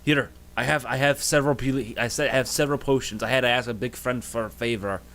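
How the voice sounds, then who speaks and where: A man voicing an eager, helpful male adventurer companion who rambles when he is excited, in a tabletop game. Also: mid-range voice, fast talker, voice pushed up, natural voice.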